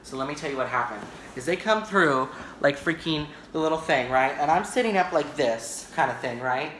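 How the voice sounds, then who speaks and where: A man's voice: on the high side, expressive, moderate pace, a bit bright, slight background noise. A man vlogging on camera indoors, telling a story in a dramatic, rambling way and often checking in with "right?". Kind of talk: storytime vlog. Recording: echoey room.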